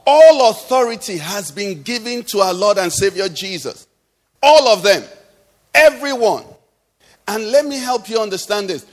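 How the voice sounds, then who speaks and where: Unhurried and expressive, a middle-aged pastor with a high-pitched voice preaches in a church hall. He engages the congregation in call-and-response and leans on everyday stories to make his case, all under long hall reverb.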